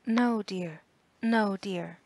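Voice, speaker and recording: Brief: a kindly old widow, soft and patient, read by a woman, dry close audiobook sound. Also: mid-range voice, fairly even intonation, measured pace, no echo, natural voice. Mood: gentle. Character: gentle elderly widow speaking kindly.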